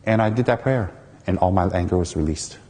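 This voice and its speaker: A man from the United States, a Buddhist teacher, giving a dharma talk through a lively personal story in which he acts out the people in it. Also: low voice, brisk, big-room sound.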